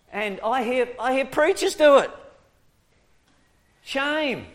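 Guy preaching to a room, jokes around and chuckles a lot, takes his time. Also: fairly high pitch. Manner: jokey, chuckles often, acts out quoted voices. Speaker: preacher training children's ministry workers. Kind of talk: humorous teaching talk to an audience.

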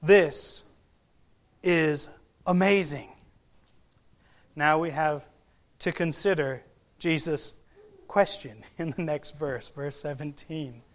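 A man preaching a sermon, telling a Bible story in a storytelling way and acting out the voices of the people in it. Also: fairly high pitch. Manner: slow, storytelling delivery that acts out quoted voices.

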